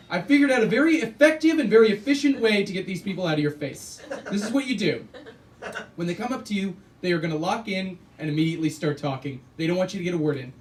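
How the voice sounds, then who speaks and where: High-voiced stand-up comic, distant live club. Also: male voice. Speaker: stand-up comedian. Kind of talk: stand-up set. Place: small cafe club stage.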